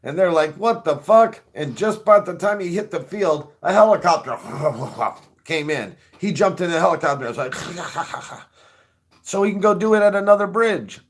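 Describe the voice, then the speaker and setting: A man's voice: sits high, expressive, moderate pace. A middle-aged man hosting a show, chatting casually, swearing freely and laughing often as he rambles. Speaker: show host. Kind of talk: casual joking chat.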